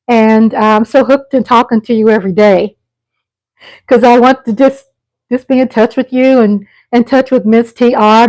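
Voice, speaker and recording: A middle-aged woman hosting a live stream, chatting casually in a rambling way with frequent pauses and restarts. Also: fairly high pitch, darkish tone, rough recording.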